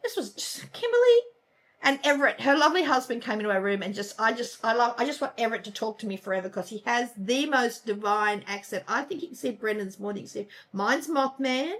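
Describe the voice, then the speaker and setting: A woman's voice: a little high, expressive, a little fast, a bit bright. Gushing, chatty woman. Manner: chatty and gushing, trailing off mid-sentence. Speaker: co-host of a cross-stitch channel. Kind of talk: casual chat.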